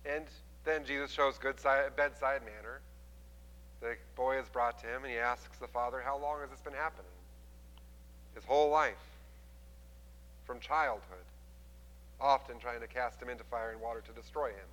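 Bright-voiced man preaching in a hall. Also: medium pitch, normal speed. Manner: animated storytelling, acting out quoted voices. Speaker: pastor. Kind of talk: sermon.

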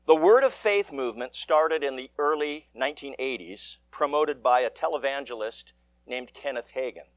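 A male pastor delivers a gospel reading and a sermon in church. His slightly high voice moves through a very wide range, and he speaks slowly with dramatic stresses. The sound is close and dry, with no room echo. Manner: measured, lively preaching with dramatic emphasis.

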